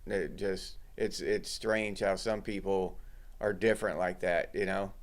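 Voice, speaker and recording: A man's voice: low voice, steady tone, a little slow. A middle-aged man hosting a casual livestream, chatting loosely and greeting viewers in the chat. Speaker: livestream host.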